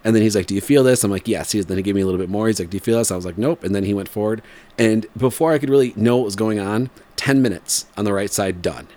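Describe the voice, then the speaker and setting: A man in his forties, his voice somewhat low and a little mellow, rambles quickly through a casual story full of fillers and laughter. When he imitates the people in it, his voice jumps up.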